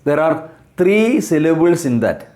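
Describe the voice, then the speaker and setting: A man teaching English, explaining words slowly, spelling them out letter by letter and repeating key terms. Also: on the high side, sing-song, darkish tone. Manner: asks and answers his own questions. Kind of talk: slow explanatory lesson.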